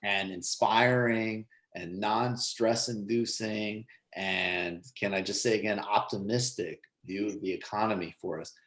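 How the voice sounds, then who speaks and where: A man's voice: fairly low pitch, fairly even intonation, a little slow, few pauses, fairly bright tone, poor audio. A man hosting a casual remote talk show, joking and rambling with lots of fillers. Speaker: show host.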